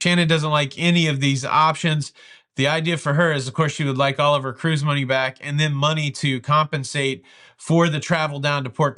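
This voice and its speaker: A man hosting a cruise news show in a casual, chatty and jokey manner. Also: on the high side. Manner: chatty, jokey, lively delivery.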